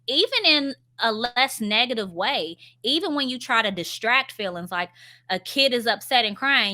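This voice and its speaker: Host, woman, 30s, earnest and chatty parenting advice, bright clear tone. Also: mid-range voice. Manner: earnest, conversational, acts out parent quotes. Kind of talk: casual advice monologue.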